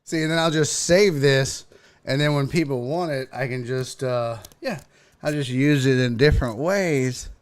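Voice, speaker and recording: A man's voice: medium pitch, normal speed. A man hosting a casual sports livestream, joking with his chat, his voice swinging around as he laughs often. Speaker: sports podcast host. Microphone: desk microphone.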